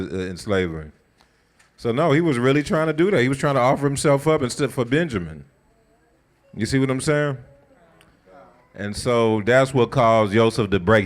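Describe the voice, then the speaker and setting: A man leading a scripture study, retelling the story in a colloquial, conversational and animated way. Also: on the low side. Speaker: Bible study teacher. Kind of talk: casual sermon-style scripture teaching.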